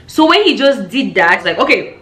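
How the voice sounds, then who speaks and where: A woman's voice: on the high side, brisk. Woman telling a story. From Cameroon. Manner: animated storyteller acting out quoted voices. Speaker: YouTuber. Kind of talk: storytime vlog. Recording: roomy echo.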